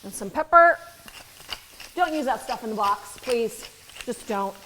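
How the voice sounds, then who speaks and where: A chatty woman chef talks viewers through a recipe at the stove, joking as she goes. Her voice sits a bit high, and a sizzling pan hisses clearly underneath it. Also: animated, unhurried. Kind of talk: casual cooking demonstration. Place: kitchen at the stove. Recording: sizzling pan noise behind the voice.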